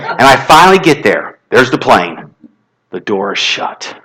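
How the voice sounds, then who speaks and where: A man giving an inspirational talk to a congregation at a spiritual center, telling animated stories and leading call-and-response. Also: medium pitch, a little slow, low-quality recording. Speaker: guest motivational speaker.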